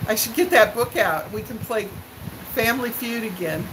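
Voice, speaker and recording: A woman's voice: a little high, lively intonation, background noise. A middle-aged woman hosting a live stream, telling rambling stories with fillers and answering viewer comments. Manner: slow, rambling storytelling with fillers and laughs; chats back to viewer comments. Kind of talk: casual chat to live viewers.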